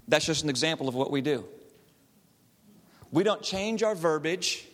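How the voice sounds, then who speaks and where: Lively high-voiced male counselor. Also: normal speed, long pauses, big-room sound. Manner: animated, acts out the people in his stories. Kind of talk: storytelling talk to a live audience.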